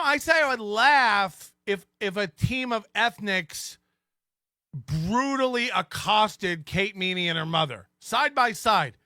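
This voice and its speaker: High, bright-voiced mocking male host. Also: no room sound, studio quality. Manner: mocking, sarcastic, laughs at own remarks. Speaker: podcast host. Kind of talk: ranting commentary.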